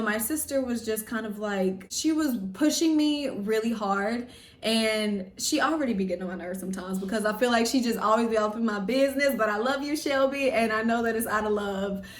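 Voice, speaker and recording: Young woman pageant vlogger, chatty storyteller, mic a little far off in an echoey room. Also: on the high side. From Louisiana. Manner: chatty, animated, lots of "like" and "y'all". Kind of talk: casual storytelling vlog. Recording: roomy echo, voice a bit off-mic.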